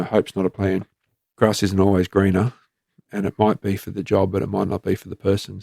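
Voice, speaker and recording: The voice is low, creaky and a little mellow, recorded dry at studio quality. It belongs to an Australian man in his fifties, a former police commander and guest, who tells frank stories in a plain-spoken, conversational way.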